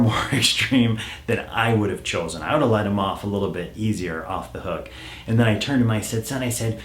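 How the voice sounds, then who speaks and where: A middle-aged man, a parenting coach, telling a family story in a calm storytelling manner and dropping to a hush when he quotes himself. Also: low-pitched, roomy sound, slight background noise. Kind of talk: storytelling advice talk.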